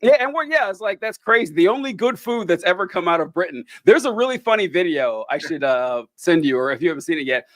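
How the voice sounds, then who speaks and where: A man hosting a casual chat, telling animated stories and laughing often. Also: sits high, fast, hardly any pauses, no room sound. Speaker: host.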